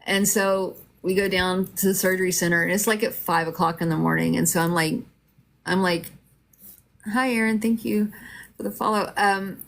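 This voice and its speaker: A woman's voice: medium pitch, steady tone, moderate pace, vocal fry, fairly bright tone. A middle-aged woman telling her own story in a casual, rambling way, with lots of fillers and restarts.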